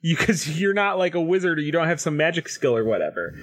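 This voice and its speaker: Dude ranting about an old grudge on a podcast, a bit high-voiced, swears casually. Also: male voice, big pitch swings, fast talker. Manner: aggrieved, rambling explanation with swearing. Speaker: podcast player. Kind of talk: casual chat.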